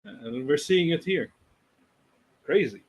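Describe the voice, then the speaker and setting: High, excitable male co-host. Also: takes it slowly, highs cut off. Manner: excitable, reacts loudly. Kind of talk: casual live-stream chat.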